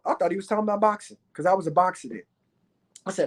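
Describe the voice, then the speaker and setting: A man's voice: sits high, fast. Dude ranting on his vlog, bragging and cussing nonstop, repeats himself a lot. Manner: boastful, profane, repetitive. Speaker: vlogger.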